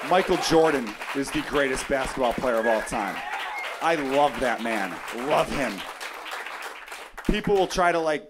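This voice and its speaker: A man from Chicago performing a profane, excitable stand-up comedy set on a club stage, with a handheld mic. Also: mid-range voice, noisy background. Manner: brash, profane, excitable bits. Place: comedy club stage before a live crowd. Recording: live club recording with crowd laughter. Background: audience laughter.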